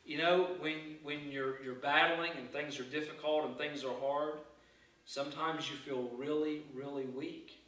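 A man pastor preaching a sermon in a church, earnest and halting, often restarting his phrases. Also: fairly high pitch, fairly even intonation, bright, forceful tone. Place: church sanctuary. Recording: echoey church hall, mic far off.

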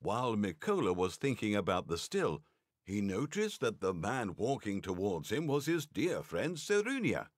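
A man narrating a game's story in an expressive storybook way. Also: fairly low pitch, moderate pace, no room sound, clean studio sound.

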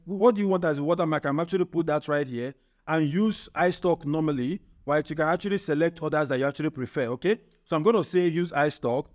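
Chatty man walking through a tutorial. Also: on the high side. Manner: chatty, repeats "right?" to the viewer. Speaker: tech tutorial host. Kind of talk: screen-recorded tutorial walkthrough.

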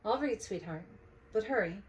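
Woman playing a storybook mom, patient, gently firm, coaxing, lively intonation. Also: mid-range voice, normal speed, pitched above the performer's own voice, natural voice.

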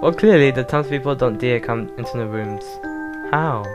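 A man's voice: medium pitch, moderate pace, over music, close to an everyday voice. A man voicing a frightened young woman trapped in a hostile town, reading her lines with an anxious, pleading manner.

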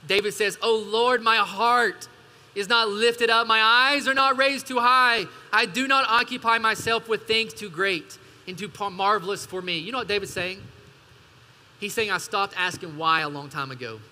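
A man's voice: high-pitched, fairly even intonation, normal speed, pushed and bright. A male pastor, preaching a sermon with emphatic call-and-response asides to his congregation. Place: church hall. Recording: church hall reverb.

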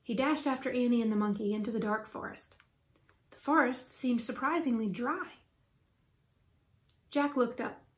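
A woman reading a children's chapter book aloud for students, with clear and expressive storytelling. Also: on the high side, moderate pace, pauses often.

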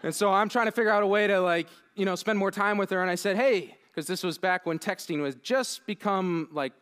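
A young man with a high, light voice tells a story from a conference stage. He is animated and self-deprecating, and acts out his own lines as he goes. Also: clear, resonant tone. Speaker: keynote speaker. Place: conference hall.

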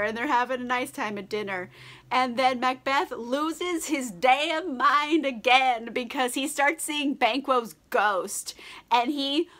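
A woman's voice: sits high, slow pace, sharp tone. A tipsy woman doing a casual book recap vlog, slangy and profane, leaning on "like" and laughing a lot. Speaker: book vlogger.

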